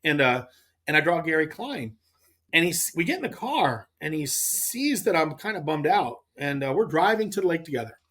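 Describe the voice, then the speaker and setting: A middle-aged man from California, a podcast guest telling a fishing story in a casual, animated way with frequent restarts. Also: on the high side, moderate pace. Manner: animated, acts out others' lines, frequent restarts. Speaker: podcast guest, pro angler.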